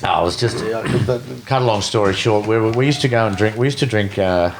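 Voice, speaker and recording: Middle-aged man, Australian accent, lowish voice, casual storytelling, swears freely, animated, faint background hiss. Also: fast talker. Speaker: guest, veteran BASE jumper.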